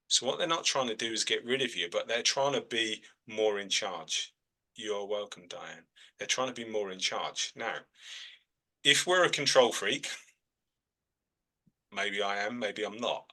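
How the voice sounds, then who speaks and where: Bright-voiced man teaching a class. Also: lowish voice, poor audio. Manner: chatty, frequent "all right?" check-ins. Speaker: trance medium teaching a class. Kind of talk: relaxed teaching in a video call.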